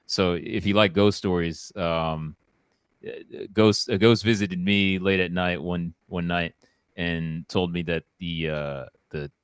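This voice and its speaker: A man's voice: low-pitched, clean tone, no room sound, clean studio sound. A man chatting casually in a live voice chat, rambling and joking with many fillers.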